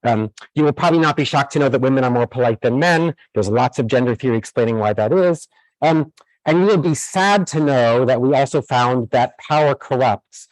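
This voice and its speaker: A man lecturing to a class, explaining ideas step by step and often restarting his sentences with "um" and "uh". His voice sits at an ordinary middle pitch. The sound is dry and close, with little room echo. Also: fairly quick. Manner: explanatory, with many fillers and restarts. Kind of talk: university lecture.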